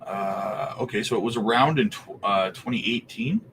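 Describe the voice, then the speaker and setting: A man's voice: lowish voice, normal speed, slight background noise. Canadian man chatting on a crypto livestream. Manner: relaxed, thinks aloud while looking things up. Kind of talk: casual livestream chat reading viewer questions.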